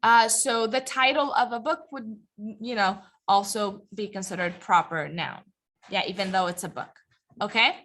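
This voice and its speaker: An ESL teacher gives a live English grammar lesson that is also streamed online, her mid-range voice fairly bright and her pace moderate. Patient and encouraging, she explains carefully and keeps pausing to ask the class whether they're following.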